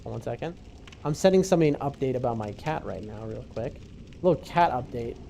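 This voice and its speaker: A man's voice: mid-range voice, animated, brisk, creaky, dark tone, slight background noise. A man hosting a gaming livestream, chatting casually with his viewers and joking back at the game characters. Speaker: livestream gamer host. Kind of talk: casual gaming stream commentary.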